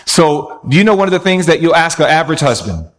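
Lively, animated male preacher. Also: a little high, fast. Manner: animated preaching with rhetorical questions. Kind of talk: sermon.

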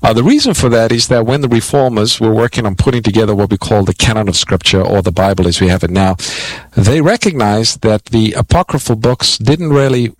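A man with a lowish voice answers listeners' Bible questions on a call-in radio show. He teaches in a steady, explanatory way, pausing on "uh" as he works through the details. The sound is close and dry. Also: no echo, rough recording. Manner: explanatory teaching, measured with frequent "uh" fillers.

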